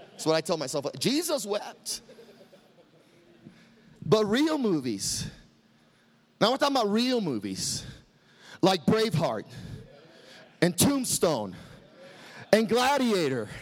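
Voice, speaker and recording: A middle-aged man preaching a sermon, rousing and impassioned, shouting refrains and then easing into wry asides. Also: fairly high pitch. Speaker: pastor.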